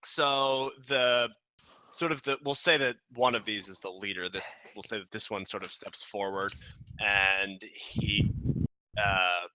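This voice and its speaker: A man running a tabletop game as game master, relaxed and rambling, with frequent fillers. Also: on the low side, a little slow, a little hiss or hum, rough recording.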